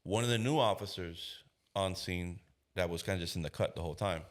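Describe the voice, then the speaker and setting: A man's voice: sits low, a little fast. A man in his thirties, a police officer, telling a story on a podcast in casual slang and acting out the voices of the people in it. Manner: animated storyteller who acts out quoted voices.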